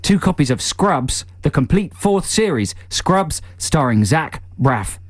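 Animated radio host, teasing. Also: male voice, a little high, takes it slowly, no room sound, studio quality. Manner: teasing, mock-outraged, laughs often. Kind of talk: jokey breakfast radio banter. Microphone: studio microphone.

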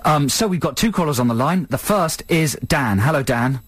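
A man's voice: a little high, lively intonation, normal speed, fairly bright tone, breathy edge, no echo. A man co-hosting a comedic radio show, joking playfully with callers. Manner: playful, jokey, interrupts often. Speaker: radio host.

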